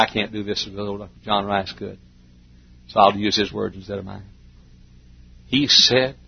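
A man preaching a revival sermon, swinging from hushed pleading to shouting, on a dull lo-fi recording. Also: fairly low pitch, vocal fry, husky.

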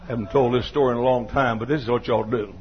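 A man's voice: mid-range voice, steady tone, quick pace. An older man with a Southern American accent preaching a sermon, telling a folksy story and scolding his listeners now and then. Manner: folksy, scolds the audience, bursts into shouts. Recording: dull lo-fi sermon recording.

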